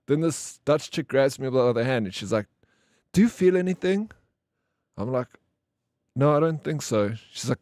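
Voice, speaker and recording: A man's voice: mid-range voice, no room sound, clean studio sound. Slangy man streaming. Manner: animated storyteller acting out quoted people; slangy, swears freely. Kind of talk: casual live-stream chat.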